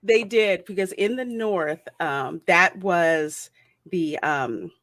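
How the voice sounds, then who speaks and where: A woman's voice: lowish voice, slow, fairly bright tone. A woman from the American South hosting a casual livestream. She laughs often and reads viewers' comments aloud, and her voice sounds close and dry with no room echo. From Southern United States. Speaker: livestream host.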